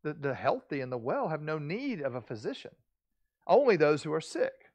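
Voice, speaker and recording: A man's voice: fairly high pitch, very animated, normal speed, darkish tone, dry recording. A middle-aged man preaching a sermon as pastor, earnest and emphatic, often restarting phrases and rising in intensity on key points.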